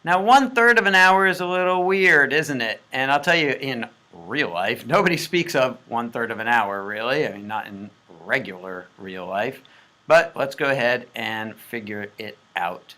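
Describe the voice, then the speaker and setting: Man, math homework help, playful, talks through each step, jokey asides, bright voice. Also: mid-range voice, moderate pace.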